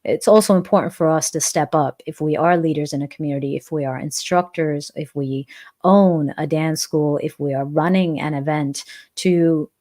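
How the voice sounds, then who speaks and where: A woman's voice: deep voice, fairly even intonation, moderate pace, warm tone. A woman in her forties, a dance instructor, hosting a live-stream Q&A and answering chat comments in an earnest, reflective way, often repeating phrases for emphasis.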